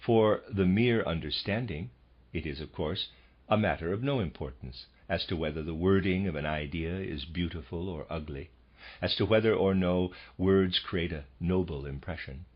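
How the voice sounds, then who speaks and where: An audiobook narrator with a deep, husky man's voice reads a scripted lecture in a measured, formal delivery. The recording is muffled.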